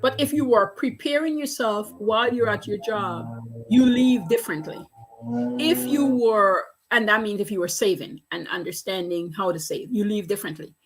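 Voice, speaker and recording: A woman's voice: mid-range voice, normal speed, slightly rough. A woman business coach giving a motivational talk, telling stories in earnest, emphatic, repetitive phrases.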